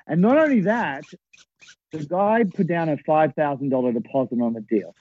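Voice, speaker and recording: A man in his sixties, a guest telling an animated story and checking in with his listeners as he goes. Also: on the high side, moderate pace, husky. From Australia. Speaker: podcast guest, property investor. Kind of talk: storytelling in a conversation. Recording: tinny phone-like line, dry.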